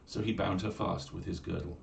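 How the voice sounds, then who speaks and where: A man reading a fairy tale aloud at home in a measured, old-fashioned style for a bedtime story stream. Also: sits low, fairly even intonation, gravelly, reverberant, distant mic, a little hiss or hum.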